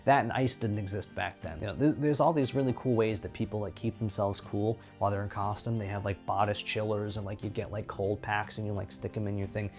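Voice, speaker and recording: A man with a slightly low voice chats casually to the camera as a channel host. He rambles, fills his talk with fillers and restarts, and keeps correcting himself. Soft guitar music plays faintly behind him. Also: fairly even intonation, fairly quick, few pauses. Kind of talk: casual talking-head chat.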